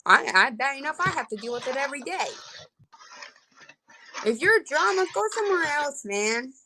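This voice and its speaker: 20s woman ranting on an open mic, tense bright voice, blunt and fed up. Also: sits high, animated, normal speed, slight background noise, poor audio. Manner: venting, indignant and blunt. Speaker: live-stream host. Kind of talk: casual open-mic rant.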